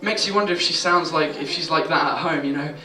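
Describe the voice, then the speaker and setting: A man's voice: fairly high pitch, quick pace, very noisy. A man doing a crude, chatty stand-up set, laughing at his own jokes. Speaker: stand-up comedian. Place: small comedy pub stage with audience. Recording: echoey room, distant mic, loud crowd.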